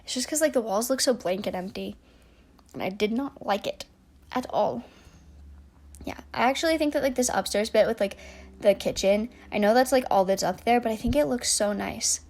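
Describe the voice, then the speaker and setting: A woman's voice: a little high, fairly quick. Chatty young woman, rambling voice-over. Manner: chatty, rambling, many likes and restarts, trailing soft asides. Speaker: game build YouTuber. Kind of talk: casual voice-over commentary.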